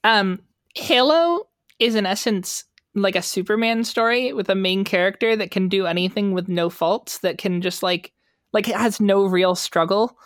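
A woman's voice: mid-range voice, normal speed, no room sound. Chatty female podcast host, mid voice, dry close mic. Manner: chatty, asks questions, explains at length. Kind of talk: casual chat.

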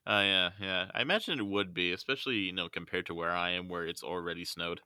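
A man's voice: low-pitched, quick pace, sharp tone, clean tone, no room sound, clean studio sound. A man co-hosting a podcast in casual chat, hesitant and stammering, laughing often. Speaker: podcast co-host.

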